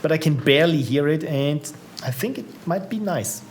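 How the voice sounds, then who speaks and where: A man's voice: fairly high pitch, expressive, moderate pace. A man casually commenting while live-streaming and trying out indie games, chatty and upbeat, reacting aloud to what he sees. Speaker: streamer playing viewers' games.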